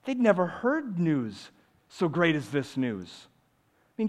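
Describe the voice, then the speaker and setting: A male pastor preaching a sermon in a church, earnestly swinging between loud emphasis and quiet, confiding asides. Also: mid-range voice, huge pitch swings, a little slow. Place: church sanctuary. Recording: long reverb of a large hall.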